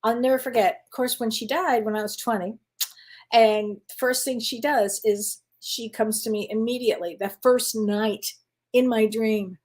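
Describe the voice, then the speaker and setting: A middle-aged woman hosts a live psychic Q&A, answering viewer questions in a chatty, reassuring way full of fillers, restarts and frequent laughs. Her fairly high voice is steady and a little mellow, at a moderate pace.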